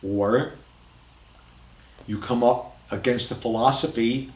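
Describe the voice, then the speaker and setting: A man talks slowly and deliberately, pausing often as he works through his thoughts. His voice sits at an ordinary middle pitch. The sound carries a noticeable room echo. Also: fairly even intonation, a little mellow. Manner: slow, measured, deliberate, with long pauses. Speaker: podcast host. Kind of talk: calm reflective monologue.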